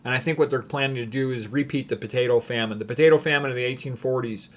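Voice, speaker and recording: A man giving rambling, opinionated commentary on paintings, clearing his throat often between thoughts. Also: medium pitch, fast talker. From United States. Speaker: art commentator.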